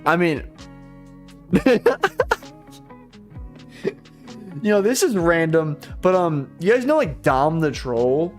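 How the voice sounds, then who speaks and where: Young dude live trading on stream, kinda high voice, swears a ton, jokes on himself. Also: male voice, big pitch swings, slow pace, pauses often, darkish tone, faint music behind. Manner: rambling, profane, self-deprecating. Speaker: live-stream futures trader. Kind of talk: casual live-stream commentary.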